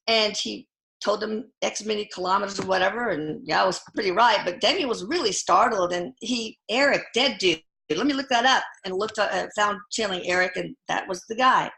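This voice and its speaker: A woman guest telling personal stories in a casual, animated way, often lifting her voice when quoting others. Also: medium pitch, brisk, gravelly, roomy sound. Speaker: guest, physician and mother. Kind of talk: conversational storytelling.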